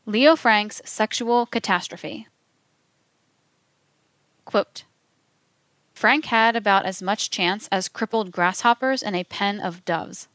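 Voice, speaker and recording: Smooth-voiced woman reading testimony aloud. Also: medium pitch, fairly bright tone, no echo. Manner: measured reading that speaks the quote marks aloud. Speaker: narrator. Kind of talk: scripted narration reading historical testimony.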